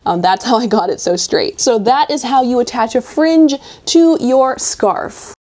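A woman's voice: a little high, a little slow, darkish tone. A woman hosting a knitting tutorial, chatty and playful, adding little snipping sounds as she works.

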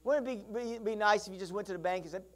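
A preacher delivering a sermon in a lively storytelling manner, acting out characters as the story unfolds. The voice sits at a middle pitch and keeps calling out to the congregation for answers, often restarting phrases and adding asides along the way. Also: fast talker. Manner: calls out to the congregation for responses. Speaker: pastor.

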